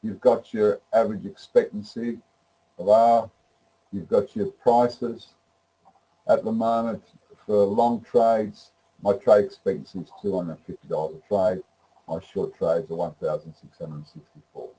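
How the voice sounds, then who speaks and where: A man presenting a webinar that walks through trading software, rambling with many fillers and restarts. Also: lowish voice, flat delivery, unhurried, husky, rough recording. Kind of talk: live webinar demonstration.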